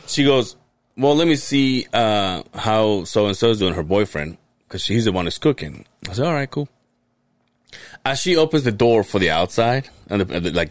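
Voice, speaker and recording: A man's voice: medium pitch, no room sound. Man, podcast co-host, casual storytelling, rambling, profane, dry close mic. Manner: rambling, profane, many restarts.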